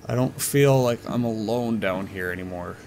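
A man's voice: fairly low pitch, normal speed, a little mellow, a little hiss or hum. A young man giving casual, goofy commentary while playing a game, talking to objects and to himself. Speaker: let's play gamer.

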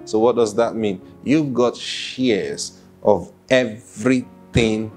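A man preaching a sermon, lively with laughs and acted-out quotes. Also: fairly low pitch, slow, faint music behind. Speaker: pastor.

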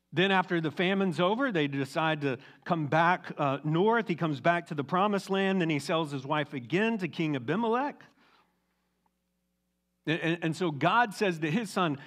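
Pastor guy, kinda high voice, loose chatty sermon, jokes and asides while reading the bible. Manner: casual, animated Bible retelling with asides. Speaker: teaching pastor.

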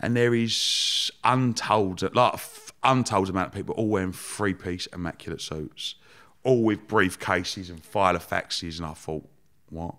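A man, a podcast guest telling his story in a lively, slangy, chatty way. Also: low-pitched, a little slow. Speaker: guest, entrepreneur. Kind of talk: casual storytelling.

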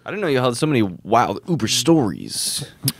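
A man chatting as a podcast guest, teasing playfully and quick to react. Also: medium pitch, big pitch swings, crowd noise. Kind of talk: casual podcast chat. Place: podcast studio.

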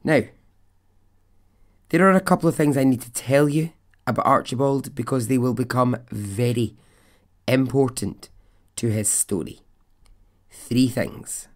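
A man hosts a storytelling podcast, taking his time and letting each phrase land slowly. He keeps it conversational, laughing easily and turning to the listener as he goes. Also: medium pitch. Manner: chatty, laughs often, talks straight to the listener. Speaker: podcast host. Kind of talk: casual storytelling.

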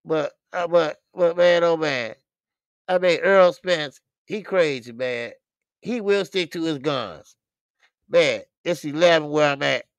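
A man's voice: a little high, slow, dry recording. A man hosting a boxing livestream in loose, talkative chat, laughing often and repeating himself. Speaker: boxing channel host.

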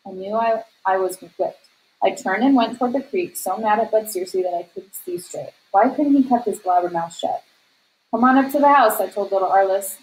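A woman reading a novel aloud at a steady, measured storytelling pace. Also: mid-range voice, low-quality recording. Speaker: reader.

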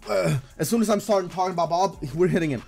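A young man giving casual, excitable commentary while gambling, swearing and talking to the game. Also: sits high, fast, vocal fry, soft background music. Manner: excitable, swearing, talks to the screen. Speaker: gambling streamer. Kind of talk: casual live slot commentary.

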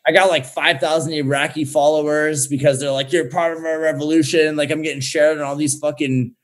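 A man's voice: on the high side, level tone, a little fast. A young man, a podcast guest on a remote call, telling a story in a loose, slangy way and swearing heavily. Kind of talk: casual storytelling.

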